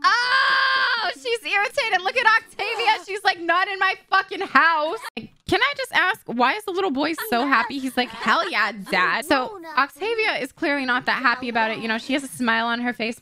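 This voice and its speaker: A woman's voice: on the high side, pushed and bright. A young woman giving brash, profane, gossipy commentary while playing a life-simulation game, putting on voices for her characters. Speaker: gaming YouTuber. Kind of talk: let's play commentary.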